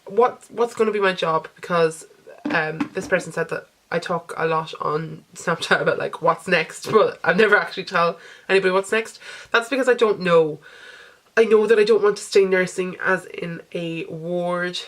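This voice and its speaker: A woman's voice: lowish voice, moderate pace, a bit bright. Chatty Irish woman in her twenties. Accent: Irish, with a posh English tinge. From Ireland. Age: 20s. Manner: chatty, rambling, laughs often. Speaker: vlogger. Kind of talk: casual Q&A chat. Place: home, indoors.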